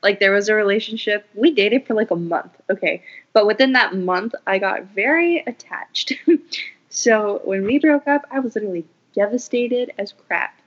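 A young woman co-hosting a casual chat podcast, playful and quick to giggle. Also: medium pitch. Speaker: podcast co-host. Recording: dull lo-fi audio.

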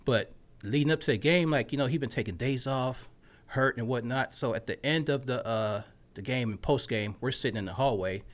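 A man telling a story in a casual podcast chat, with a lively delivery that drops to hushed asides and bursts into loud laughs. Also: mid-range voice, fairly quick. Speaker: podcast host and sports reporter.

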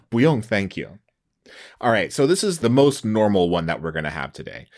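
A man with a low voice leads a chatty language lesson. His intonation rises and falls widely, and he sounds playful and animated, ready to laugh or feign alarm at a tricky point. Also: moderate pace. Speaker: host.

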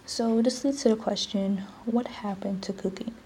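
A woman's voice: mid-range voice, steady tone, normal speed, dark tone, slight background noise, low-quality recording. A young woman hosting a casual solo podcast, chatty, with frequent restarts and the odd drop to a whisper. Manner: chatty, restarts often, drops to a whisper at times. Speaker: podcast host.

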